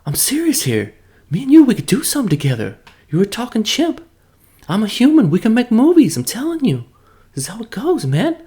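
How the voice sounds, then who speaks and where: A man putting on the voice of a chummy, excitable male movie star, high and loud, pitching ideas quickly. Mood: pushy excited.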